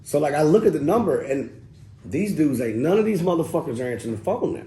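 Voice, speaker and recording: A man's voice: fairly high pitch, fast talker. Profane, loose man telling stories. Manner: loose, profane, animated retelling with quoted dialogue. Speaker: rapper telling his story as guest. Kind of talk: casual storytelling interview. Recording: roomy echo with faint background noise.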